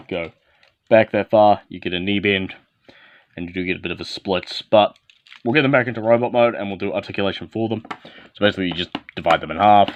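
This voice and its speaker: A man casually reviews a toy hands-on, transforming the figure as he talks and calling out short step-by-step moves. His voice is on the low side. The recording is dull, lo-fi and dry, with no room sound.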